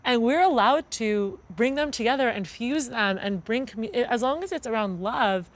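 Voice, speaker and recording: Casting: woman with an American accent, relaxed co-host voice, easygoing and conversational, plenty of "like" and "um". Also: fairly high pitch, normal speed. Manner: conversational, with fillers like "like" and "um". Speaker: event co-host. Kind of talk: casual spoken presentation to a gathering.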